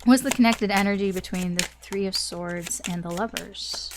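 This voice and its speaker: A young woman talks through a tarot reading in a loose, rambling way. She fills her talk with "like" and soft little laughs, and she sounds a little choked up, stopping to cough now and then. Her voice sits at an ordinary middle pitch. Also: moderate pace, heavy background noise. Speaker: tarot reader. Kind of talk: casual tarot reading to camera.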